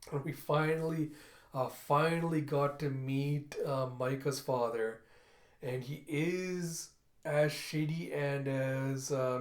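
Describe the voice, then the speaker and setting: A man's voice: mid-range voice, a little mellow. A man giving a casual, rambling comic review, full of fillers and self-corrections. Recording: echoey room.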